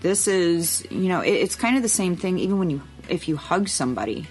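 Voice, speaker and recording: Low-voiced woman podcast co-host. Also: expressive, a little fast, a little mellow, soft background music. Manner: earnest and explanatory, with frank asides. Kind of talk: casual chat.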